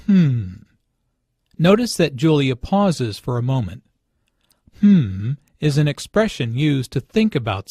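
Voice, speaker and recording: A man reads language notes for learners slowly and carefully. His voice sits a little high for a man. The recording is close and dry. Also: darkish tone, no room sound. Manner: slow, deliberate teaching delivery. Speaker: English teacher. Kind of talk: scripted dialogue and language notes.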